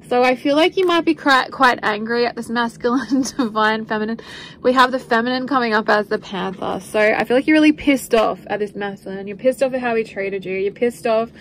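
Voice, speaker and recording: A woman's voice: fairly high pitch, moderate pace, a little hiss or hum, low-quality recording. Earnest woman giving a tarot reading. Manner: meandering, repetitive, earnest, with light laughs. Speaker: tarot reader.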